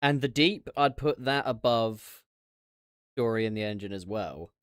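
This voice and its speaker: A man hosting a casual livestream chat, swearing freely and throwing in quick asides. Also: medium pitch, a bit bright, smooth, no room sound, clean studio sound. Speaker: podcast host.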